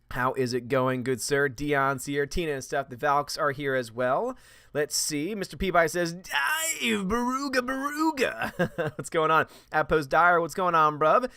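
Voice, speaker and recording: A man's voice: a little high, sharp tone, smooth, dry recording, studio quality. A man hosting a live stream, greeting viewers by name and reading their chat messages aloud. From United States. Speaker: host.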